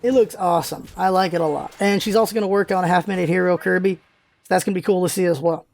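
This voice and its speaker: A man's voice: sits high, steady tone, quick pace, creaky. A man hosting a casual vlog, rambling loosely with many fillers and restarts. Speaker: vlog host. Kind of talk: casual chat.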